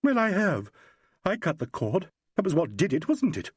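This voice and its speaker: A man's voice: high-pitched, wildly swooping pitch, moderate pace, husky, dry recording, studio quality, voice pushed up, full character voice. A man voicing a shaken, tearful young actress. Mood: distraught.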